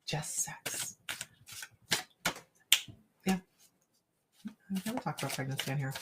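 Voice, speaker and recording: A woman's voice: very deep voice, lively intonation, fast talker, very noisy. A middle-aged woman reading cards on a casual live chat, rambling and laughing often. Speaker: psychic card reader.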